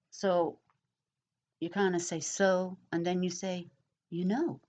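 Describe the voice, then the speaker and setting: A middle-aged woman chatting casually as she answers comments, talking slowly and rambling with pauses and fillers. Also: on the low side, steady tone, highs cut off. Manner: slow, rambling, pausing, with many fillers. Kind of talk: casual chat.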